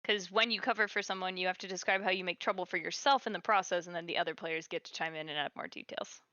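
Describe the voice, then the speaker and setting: A woman playing a tabletop game over an online call, narrating her turn in a hesitant, restarting way and putting on quick voices for characters. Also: fairly low pitch, fairly even intonation, sharp tone, no room sound, lo-fi sound.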